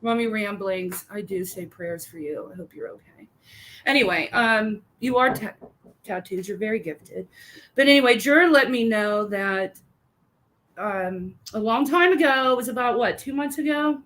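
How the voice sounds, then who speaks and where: A woman's voice: mid-range voice, normal speed, a bit bright. A woman co-hosting a livestream, chatting casually and rambling, with free swearing. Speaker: livestream co-host.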